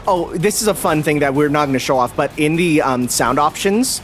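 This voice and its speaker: A man's voice: on the high side, animated, fairly quick, fairly bright tone, faint music behind. A young man chatting enthusiastically while commentating a video game, with lots of fillers. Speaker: host. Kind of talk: casual gameplay commentary.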